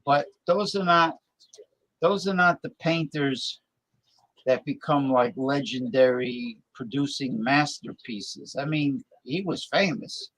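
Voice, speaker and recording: Man, talk host, mid-pitched, rambling chatty delivery, dry close recording. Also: takes it slowly, no room sound, poor audio. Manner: rambling, loses his train of thought; loud playful calls to listeners. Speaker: show host. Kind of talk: casual chat.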